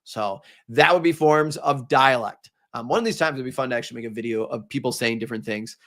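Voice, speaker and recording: A man from Minnesota with a Minnesotan accent, a teacher giving a chatty, energetic live exam review to viewers. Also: medium pitch, quick pace. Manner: casual, chatty, energetic, talks straight to the viewers.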